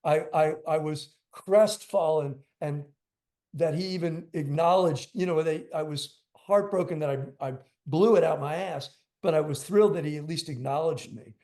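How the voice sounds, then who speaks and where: Older man guest, rambling emphatic storyteller, slightly high voice, casual interview. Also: moderate pace, mellow. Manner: rambling, emphatic, filler-heavy. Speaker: guest drummer.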